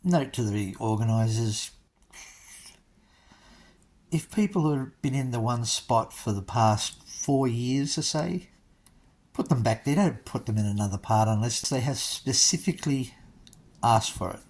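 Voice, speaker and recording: Husky older man rambling wryly. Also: mid-range voice, unhurried, pauses often, a little mellow. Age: 60s. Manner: chatty, self-mocking, wry asides to viewers. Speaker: vlogger. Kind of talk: casual rambling storytelling.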